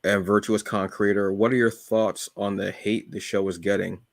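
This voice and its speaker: A man co-hosting a podcast, chatting casually and rambling with lots of halting fillers. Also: on the low side, little pitch movement, vocal fry, no echo, studio quality. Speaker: podcast co-host. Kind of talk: casual chat.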